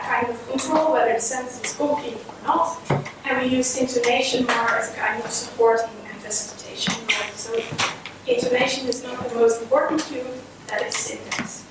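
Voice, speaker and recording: Woman researcher, high voice, explanatory conference talk; distant mic, noisy hall. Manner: explanatory, steady lecturing. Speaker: child language researcher. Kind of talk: conference presentation.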